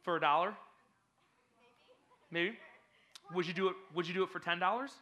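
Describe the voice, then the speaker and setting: A man speaking as a youth pastor to a group of kids, energetic and teasing, quizzing the audience with playful questions. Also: high-pitched, fairly quick. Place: church hall.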